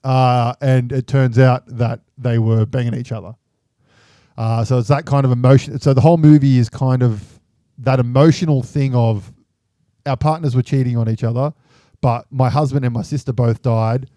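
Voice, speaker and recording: A podcast host in casual chat, retelling films in a rambling way full of fillers. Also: male voice, medium pitch, steady tone, moderate pace, warm tone, no echo, clean studio sound.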